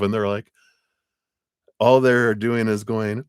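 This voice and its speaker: A man giving a live tarot reading to a client, talking in a casual, gentle, rambling way with many fillers. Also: lowish voice, little pitch movement, takes it slowly, clean tone, no room sound, clean studio sound. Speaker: tarot reader.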